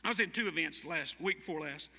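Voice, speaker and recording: A man's voice: a little high, fast, vocal fry, sharp tone. A man preaching a sermon as pastor of a church, with a Southern American accent, telling the story vividly and acting out the quoted voices. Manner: storytelling, dramatic voicing of quoted speech. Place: church sanctuary. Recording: long church hall reverb.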